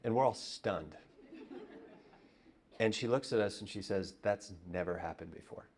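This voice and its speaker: A man preaching a conversational sermon as pastor, telling stories and dropping to a hush on repeated words. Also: on the low side, moderate pace, a little hiss or hum. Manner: conversational, storytelling, drops to hushed repetitions. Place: church.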